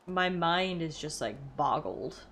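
A woman streaming a game and talking through it live, excitable, shrieking, laughing and swearing when things go wrong, and reading the on-screen text aloud. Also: lowish voice, slow, slight background noise. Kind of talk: live gameplay commentary.

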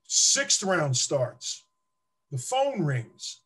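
A man's voice: a little high, moderate pace. A man, a former football player telling emotional stories as an interview guest. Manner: animated, emotional storyteller acting out scenes. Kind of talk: casual interview storytelling.

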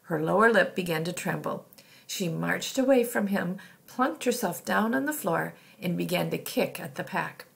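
A woman's voice: lowish voice, lively intonation, moderate pace, vocal fry. A woman narrating a children's novel aloud in a plain reading voice. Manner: plain reading with occasional slips and restarts. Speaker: audiobook reader. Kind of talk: storybook narration.

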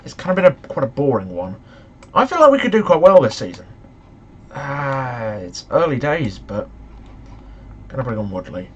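A young man commentating on a football management game, excitable and shouting at the match in frustration. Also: mid-range voice, normal speed, long pauses, highs cut off, a little hiss or hum. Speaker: gaming YouTuber.

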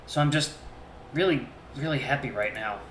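A man voicing an emotional young man who remembers his lost family, speaking softly and haltingly. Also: mid-range voice, echoey room, natural voice, rough recording.

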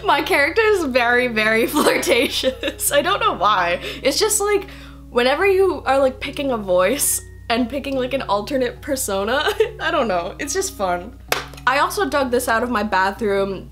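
A woman's voice: a little high, fairly bright tone. A young woman, a fashion student, chatting casually to camera in a bubbly, giggly, playfully rambling way.

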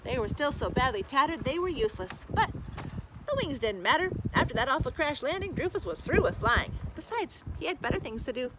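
Lady reading a kids' book out loud, high voice going up and down a lot, really noisy recording. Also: fairly quick. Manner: expressive, sing-song storytelling. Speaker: library storytime reader. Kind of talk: reading a picture book aloud. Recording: loud background noise.

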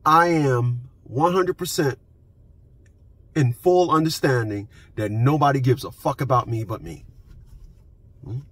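A man's voice: medium pitch, measured pace, long pauses, husky, dry recording. A man ranting into his phone camera from his parked car, profane and emphatic, repeating his points. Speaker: vlogger. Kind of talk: unscripted ranting vlog.

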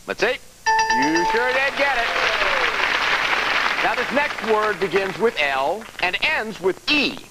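This TV game show host speaks slowly and very animatedly in a voice that sits high, leaving long pauses in his upbeat quizmaster patter. It's a low-quality, loud studio broadcast with music and a crowd in the background.

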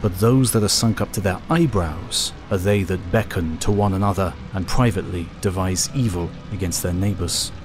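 A man reading an old scripture text aloud as scripted narration, in a solemn, measured way. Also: deep voice. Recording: faint music behind.

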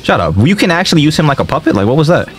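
A young man commenting on his own gameplay, excitable and slangy, often yelling and trash-talking the game as he plays. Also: on the high side, rapid-fire. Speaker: gaming streamer.

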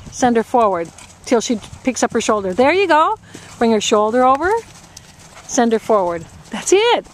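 High-voiced woman coaching a riding lesson. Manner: encouraging, repeats short commands. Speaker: riding instructor.

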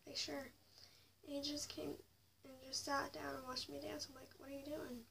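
A young vlogger with a high, gravelly voice speaks at a moderate pace with a flat delivery, sharing a personal story to camera. The telling is confessional, swinging from whispers to raised anger. The audio comes from a slightly distant mic with faint noise.

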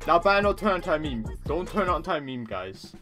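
A man's voice: a little high, very animated, quick pace, over music. A teenage boy doing casual reaction commentary as host, stammering and repeating words, laughing often.

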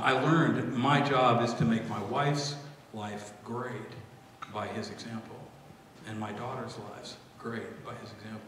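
A middle-aged man speaking at his father's memorial, emotional and holding back tears, but laughing warmly at times. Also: medium pitch, a little hiss or hum. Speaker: eulogist son. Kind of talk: memorial eulogy. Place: large echoey hall. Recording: echoey hall from far off.

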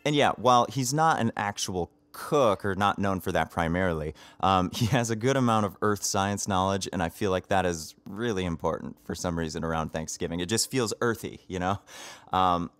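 Chatty man with a lowish voice. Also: normal speed, fairly bright tone, no room sound. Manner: chatty, enthusiastic, with frequent ums and laughs. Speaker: voice actor. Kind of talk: casual video message.

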